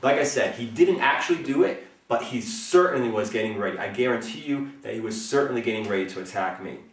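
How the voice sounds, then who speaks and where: A man explaining self-defense as an instructor, speaking earnestly and often checking in with a quick "okay?". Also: medium pitch, animated, recorded from a distance. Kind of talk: instructional talk. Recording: roomy, mic set back from speaker.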